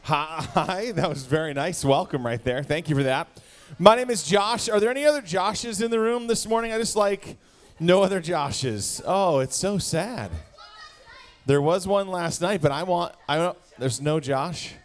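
Joking, animated youth-service speaker. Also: male voice, high voice, measured pace. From Wisconsin. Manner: jokey, animated, talks straight to the crowd. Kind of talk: playful youth sermon. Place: church hall.

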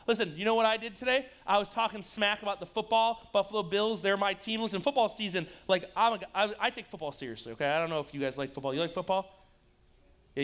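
A youth pastor with a high voice delivers an upbeat sermon to teenagers. He jokes, teases his audience and talks to them directly. His tone is bright and energetic. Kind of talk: lively youth-group sermon.

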